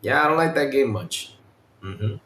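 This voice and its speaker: A man hosting a casual gaming podcast, animated, imitating game sounds and swearing casually. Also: mid-range voice, moderate pace, echoey room. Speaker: podcast host.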